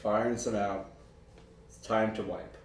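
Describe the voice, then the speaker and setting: A low-pitched man in his thirties rambles through stories with frequent laughter. He sits back from the mic in a very echoey room with faint noise behind him. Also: little pitch movement, measured pace, far from the mic. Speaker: co-host. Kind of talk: casual chat. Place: room, on a couch.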